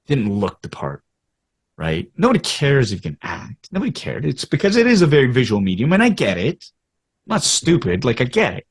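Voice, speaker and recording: Animated man telling career stories. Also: mid-range voice, normal speed. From Canada. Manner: animated, acts out quotes and inner thoughts. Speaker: podcast guest, actor. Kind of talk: candid conversational storytelling.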